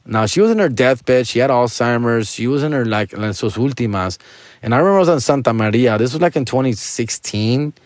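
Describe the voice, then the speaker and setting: A man's voice: medium pitch, brisk, no room sound, clean studio sound. A male stand-up comedian telling a personal story to listeners in a casual, candid way, full of street slang. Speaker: stand-up comedian, podcast host.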